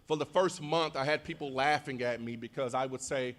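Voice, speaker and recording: A man, a school principal, giving an animated, rousing graduation speech and leading the crowd in call-and-response. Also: medium pitch, fairly quick. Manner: animated, rousing delivery with big swings in loudness.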